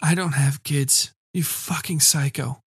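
A man voicing a drugged young woman held captive, answering in a weak, raspy voice with swearing, hostile retorts. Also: fairly high pitch, fairly even intonation, unhurried, no echo, clean studio sound.

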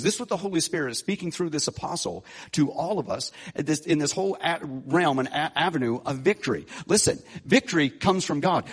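A man's voice: a little high, husky. Man preaching a fervent sermon. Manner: preaching with rising emphasis and frequent restarts. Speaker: pastor.

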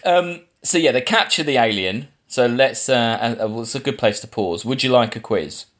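A man's voice: mid-range voice, expressive, moderate pace, a bit bright. A man co-hosting a casual film podcast, chatting loosely with plenty of fillers and restarts. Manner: chatty, rambling, lots of yeahs and restarts. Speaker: podcast co-host running a quiz.

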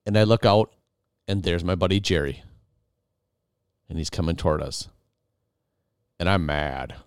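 A man's voice: low voice, a little slow, clear, resonant tone, dry recording, clean studio sound. A man hosting, animatedly retelling a dramatic story to his wife with many restarts. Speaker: podcast host.

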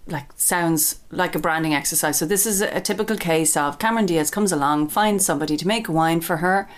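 A woman's voice: lowish voice, fairly quick. A woman who works in the wine business, co-hosting a podcast in a thoughtful, hesitant way with many restarts. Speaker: wine expert co-host. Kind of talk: casual chat.

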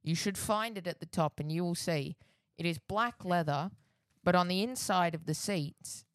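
A man's voice: sits high, normal speed, fairly bright tone, no room sound. A man, co-hosting a casual podcast, with a dry and laid-back delivery. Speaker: podcast co-host.

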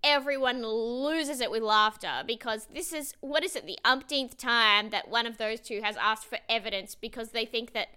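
A woman's voice: on the high side, moderate pace, few pauses, pushed and bright, clean tone. A woman co-hosting a podcast, recapping a reality show in casual, swearing chat, laughing often and acting out quotes. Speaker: podcast co-host.

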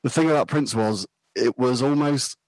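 A man's voice: mid-range voice, moderate pace, darkish tone. A man in his fifties talks about music in a rambling, self-deprecating way, laughing easily. His voice sits in a middle register and sounds close and dry, with no room echo. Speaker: podcast guest. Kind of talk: casual chat about music.

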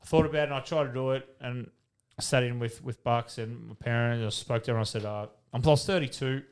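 This retired footballer, a man in his thirties with an Australian accent, talks fast in a clean, medium-pitched voice. As a podcast guest he spins candid, meandering stories in a casual way, swearing and laughing as he goes.

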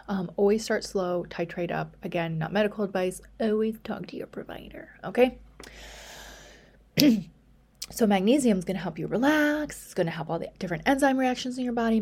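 A woman hosting a solo podcast, talking casually in a chatty, rambling way, often dropping to a soft near-whisper for quick asides. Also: mid-range voice, vocal fry, breathy edge. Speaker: podcast host.

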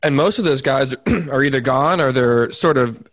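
A man's voice: medium pitch, moderate pace, a bit bright, no room sound. A man hosting a talk show, asking questions in a conversational way. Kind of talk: casual chat, asking questions.

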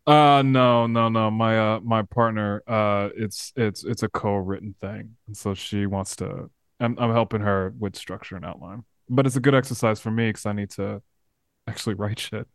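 Smooth-voiced man hosting a laid-back chat. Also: on the low side, steady tone, normal speed, dry recording, studio quality. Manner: laid-back, upbeat, slangy. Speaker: podcast host. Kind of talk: casual chat.

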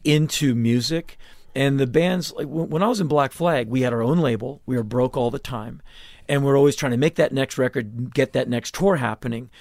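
A man's voice: mid-range voice, normal speed, a little mellow, no echo, clean studio sound. A man in his fifties, a musician guest in a garage interview, telling stories bluntly and intensely with frequent restarts. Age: 50s. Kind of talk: casual interview conversation. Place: garage home studio.

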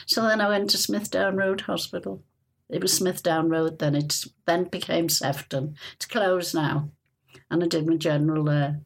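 A woman's voice: fairly low pitch, steady tone, normal speed, creaky. An older woman from Liverpool, a retired nurse, telling stories from her training in a chatty, laughing way during an oral history interview.

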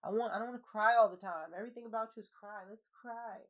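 Loud laughing woman podcast host. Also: mid-range voice, fairly even intonation, fast. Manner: loud, laughing, swearing slang banter. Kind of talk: casual podcast chat. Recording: slightly dull lo-fi podcast audio.

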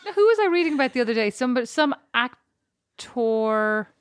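A woman's voice: sits high, big pitch swings, racing, music in the background. A woman co-hosting a casual podcast with her sister, sarcastic and playful. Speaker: podcast co-host.

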